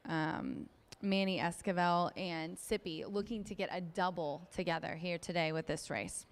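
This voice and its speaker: Smooth-voiced woman handicapping a race. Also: lowish voice. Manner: chatty and upbeat, with frequent ums. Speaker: racetrack handicapper. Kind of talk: race preview analysis.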